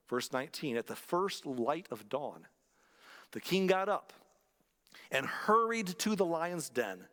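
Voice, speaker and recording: Man, pastor, sermon, conversational and emphatic, somewhat high voice, long church reverb. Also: big pitch swings, moderate pace, a bit bright. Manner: conversational storytelling with emphatic repetition. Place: church sanctuary.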